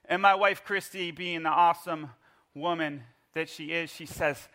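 A middle-aged man preaching a sermon in church, telling a lively personal story and leading the congregation in call-and-response. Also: high voice, moderate pace. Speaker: pastor. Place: church service.

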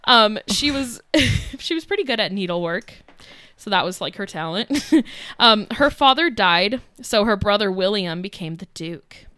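A woman's voice: medium pitch, expressive, a little slow, bright, forceful tone, smooth, no echo. A young woman casually telling a history story as co-host, chatty with fillers and giggles. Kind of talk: casual chat.

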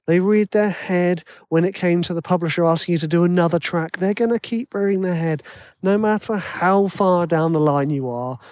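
A chatty man with a slightly high voice talks through his advice in a loose, self-deprecating way. He sounds close to the microphone in a dry space with no echo. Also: normal speed, a little mellow. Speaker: music composer giving advice. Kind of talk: casual solo monologue.

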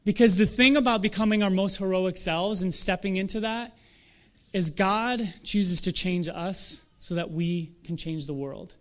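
A young adult man preaching a sermon in a conversational, animated way, with self-deprecating asides. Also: sits high, measured pace. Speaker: pastor.

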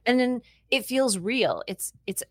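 A woman's voice: on the high side, measured pace, dry recording. A woman hosting a parenting podcast, explaining steps one by one in an encouraging, instructive way. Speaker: parenting podcast host and educator.

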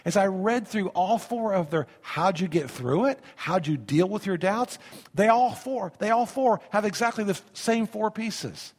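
A man's voice: sits high, lively intonation, measured pace. A man in his fifties, a pastor preaching a sermon with emphasis and leading his congregation in call-and-response. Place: church sanctuary. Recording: reverberant church hall.

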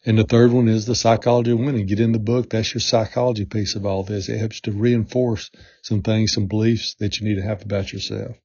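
Middle-aged male podcast host, mellow dark tone, earnest repetitive coaching, muffled lo-fi sound. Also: fairly low pitch, little pitch movement, fairly quick, husky, no room sound. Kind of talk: motivational podcast talk. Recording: dull lo-fi sound.

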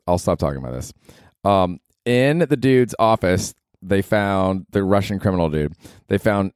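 A man hosting a casual comedy podcast, talking in a sarcastic, profane, animated way into a close mic. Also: deep voice, dry recording. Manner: sarcastic, swears a lot, animated asides. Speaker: podcast host.

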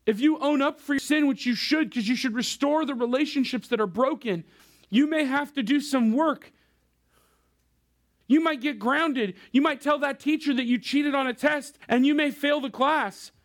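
Youth pastor type, thirties, man with a very high voice, chatty laid-back preaching. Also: moderate pace. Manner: casual, conversational preaching to a young crowd. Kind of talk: sermon.

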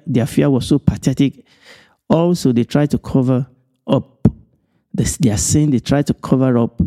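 A man with a warm, medium-pitched voice gives a Bible teaching. He drives his points home by repeating them emphatically, chuckling every so often.

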